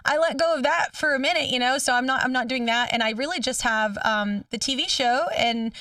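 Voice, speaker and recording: Bright high-voiced woman, chatty guest. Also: fairly quick, no echo, studio quality, recorded from a distance. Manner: chatty, laughs often, lots of fillers. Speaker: singer, interview guest. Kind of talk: casual radio interview chat.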